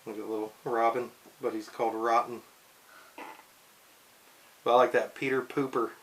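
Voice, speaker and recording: A man's voice: mid-range voice, little pitch movement, moderate pace, low-quality recording. A man casually reading a comic book aloud to his daughters, playful and chatty. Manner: playful, slips into goofy character voices. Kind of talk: casual read-aloud with commentary.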